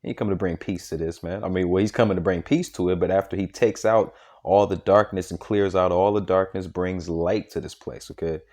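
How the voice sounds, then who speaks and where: A man's voice: low-pitched, steady tone, a little fast, few pauses, a little mellow. A man preaching informally and reading scripture, emphatic and repetitive, tagging lines with "man" and "okay?". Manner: repetitive, restarts sentences often.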